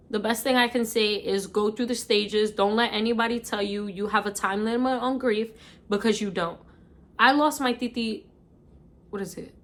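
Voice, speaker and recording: A young woman with a New York accent talks straight to her camera, crying as she goes. Her voice sits at an ordinary middle pitch, and she speaks heartfelt lines, often repeating herself. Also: a bit bright. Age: 20s. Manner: emotional, repetitive, heartfelt. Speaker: vlogger. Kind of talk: casual chat.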